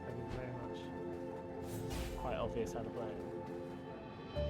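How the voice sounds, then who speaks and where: A man's voice: medium pitch, flat delivery, takes it slowly, pauses often, loud music behind the voice. Chatty, giggly male streamer. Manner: chatty, giggly, swears casually. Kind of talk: casual live-stream commentary.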